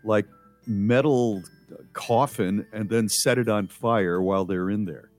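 A man's voice: a little slow, no echo, faint music behind. A man co-hosting a morning radio show, joking around in casual banter. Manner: animated, jokey, voice jumps high when excited. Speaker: radio co-host.

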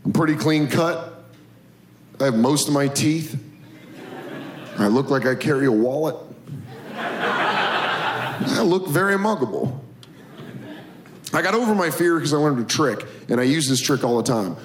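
A male stand-up comedian delivers self-mocking, deadpan punchlines, his pitch swinging widely as he acts out the bits. The set is taped live in an echoey club room with lots of crowd noise and laughter. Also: normal speed, pauses often. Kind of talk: stand-up routine. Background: audience laughter.

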